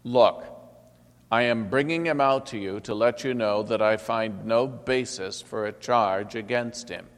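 A man's voice: lowish voice, a little slow. Governor figure read by a man: insistent, pleading, hall reverb. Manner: raised, insistent questioning. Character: Roman governor, troubled and pleading.

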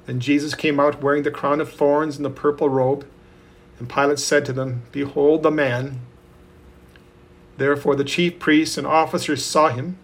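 A man reading scripture aloud in a steady, measured way. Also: a little high. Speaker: scripture reader.

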